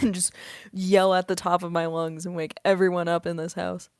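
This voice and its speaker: A young woman and voice actress chatting in a quiet, soft-spoken late-night Q&A at home, laughing often. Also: on the low side, level tone, moderate pace, clear, resonant tone, no room sound, studio quality. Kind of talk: casual late-night Q&A chat.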